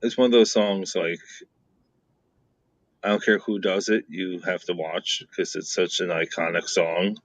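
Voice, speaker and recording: A man's voice: low-pitched, fairly even intonation, unhurried, dry recording. A man co-hosting a podcast, talking in an enthusiastic, rambling way. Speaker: podcast co-host. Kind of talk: casual podcast chat. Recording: dull lo-fi sound.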